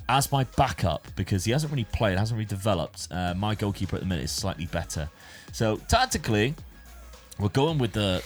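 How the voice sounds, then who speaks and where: A man giving casual, rambling commentary on his football management game. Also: on the low side. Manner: chatty, rambling, self-correcting. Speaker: gaming YouTuber.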